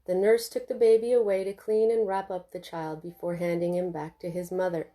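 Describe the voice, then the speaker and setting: Mellow-voiced woman reading her novel aloud. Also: fairly low pitch, little pitch movement, a little fast. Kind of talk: audiobook narration.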